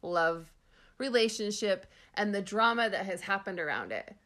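A woman's voice: mid-range voice, big pitch swings, normal speed, fairly bright tone. Bubbly woman gushing on a podcast. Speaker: podcast co-host. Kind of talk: casual chat.

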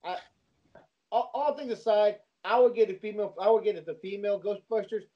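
High-voiced man, halting, on dull audio. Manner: halting, restarts and swears. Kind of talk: casual chat.

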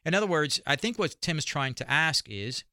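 Male radio host with an accent, encouraging and upbeat, bright and smooth-toned, dry studio sound. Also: fairly high pitch, sing-song, normal speed, no room sound. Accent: noticeable accent. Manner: upbeat, encouraging, repeats his appeals. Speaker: radio talk show host. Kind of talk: radio talk show monologue.

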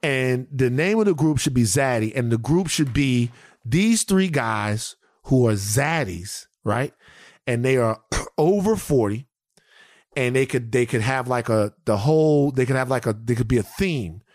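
A man co-hosting a podcast, ranting in casual banter and breaking into mocking high-pitched impressions of his friends. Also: expressive, unhurried, a little mellow, dry recording, studio quality. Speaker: podcast co-host.

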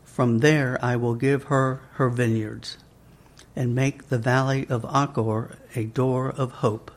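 A man reading a scripture passage aloud in a deliberate liturgical style. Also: mid-range voice. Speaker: scripture reader.

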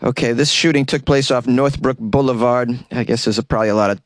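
A man's voice: medium pitch, fast talker, dry recording, studio quality. A man hosting a comedy news podcast, reading stories aloud and breaking off into sarcastic rants, recorded in a small closet.

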